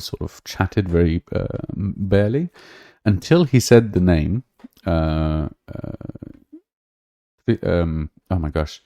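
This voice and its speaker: A man's voice: deep voice, gravelly, mellow, no echo, studio quality. A man hosting a podcast, talking casually and rambling with many fillers and restarts. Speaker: podcast host. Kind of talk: casual livestream talk.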